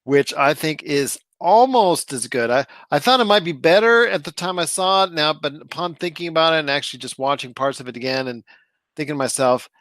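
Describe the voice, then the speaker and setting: A man's voice: on the high side, a bit bright, no echo. A man co-hosting a podcast, chatting casually and enthusiastically about movies he loved. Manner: enthusiastic, emphatic, drawn-out phrasing. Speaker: podcast co-host. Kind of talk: casual movie review chat.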